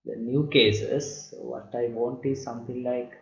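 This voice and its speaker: A man teaching math in a recorded lecture, explaining slowly and checking in with "right?" again and again. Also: mid-range voice, flat delivery, vocal fry. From Sri Lanka. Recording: lo-fi echoey room.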